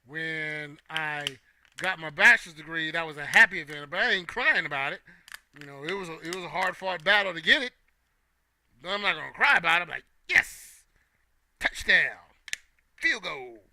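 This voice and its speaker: A man's voice: a little high, brisk, bright, forceful tone. A young man hosting a casual opinion talk, playful and joking with his chat. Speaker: host.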